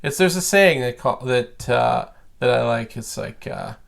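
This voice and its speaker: Gravelly-voiced man ranting bluntly. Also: medium pitch, animated, a little slow, a bit bright. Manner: blunt, profane, opinionated. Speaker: podcast guest. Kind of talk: casual chat.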